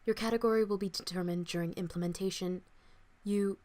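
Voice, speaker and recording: A woman's voice: on the low side, normal speed. Young woman narrating her own story. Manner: expressive, dramatic first-person reading. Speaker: author reading her own fiction. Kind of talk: audiobook-style narration.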